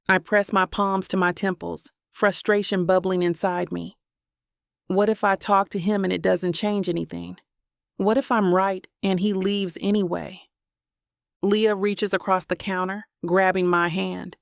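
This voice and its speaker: A woman narrates a first-person romance audiobook in an intimate, reflective tone. Her voice has a gravelly fry, and the recording is dry and close with no room sound. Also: mid-range voice, steady tone, measured pace, no room sound.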